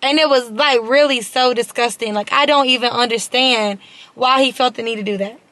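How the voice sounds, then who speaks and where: A woman's voice: on the high side, moderate pace, fairly bright tone, dry recording. A young woman telling a personal story straight to camera in a vlog, emphatic and repeating words for stress. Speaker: beauty and lifestyle vlogger. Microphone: compact camera mic.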